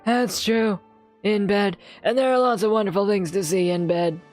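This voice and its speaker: A grumbling, gravelly old man, played by a woman reading game lines on a stream speaks at a middle pitch. His comments come out dry and put-upon. Soft music plays underneath. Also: fairly even intonation, normal speed, lightly acted. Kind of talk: voicing game dialogue aloud on a stream.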